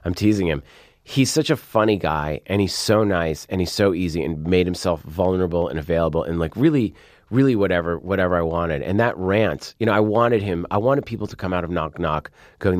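Low-voiced man telling lively anecdotes. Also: brisk, dry recording, clean studio sound. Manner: lively anecdotes, acts out quotes with big outbursts. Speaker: film director. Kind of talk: interview, animated storytelling.

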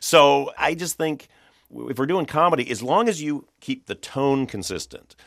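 A man's voice: medium pitch, expressive, moderate pace, vocal fry, a bit bright, no room sound, clean studio sound. A man, a film director, talking animatedly in an interview, laughing often and restarting his sentences as he goes. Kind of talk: conversational interview.

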